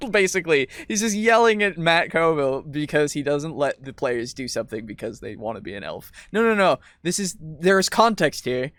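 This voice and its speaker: A man co-hosting a casual podcast chat, excitable, swearing freely and laughing often. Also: a little high, normal speed, no echo, clean studio sound. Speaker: podcast co-host.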